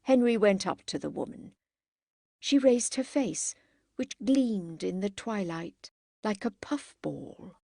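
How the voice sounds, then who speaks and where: A woman narrating a classic novel as an audiobook in a measured, expressive way. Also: mid-range voice, vocal fry, no room sound, clean studio sound. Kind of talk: scripted narration.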